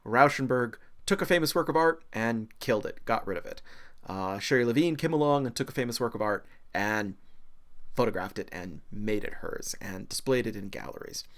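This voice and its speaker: A man giving a recorded art history lecture, animated and excitable, with frequent fillers and self-deprecating dad jokes. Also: mid-range voice, moderate pace.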